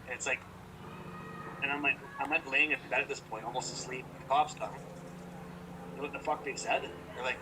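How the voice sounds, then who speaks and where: A man's voice: medium pitch, steady tone, quick pace, distant mic, background noise. A young man co-hosting a podcast, telling a rambling story in casual chat, profane and heated. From British Columbia, Canada. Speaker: podcast co-host.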